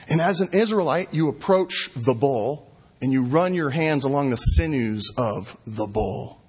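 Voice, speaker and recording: A man's voice: medium pitch, lively intonation, measured pace, breathy edge. A man preaching a sermon, building emphasis by repeating phrases and acting out quotes with shifts in volume.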